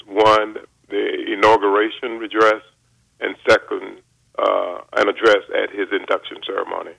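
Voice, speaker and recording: A man in his seventies from North Carolina, a chemist giving a measured, formal radio interview with frequent pauses. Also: lowish voice, vocal fry, pushed and bright, no room sound, low-quality recording. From North Carolina, USA. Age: 70s. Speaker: guest chemist. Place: radio studio.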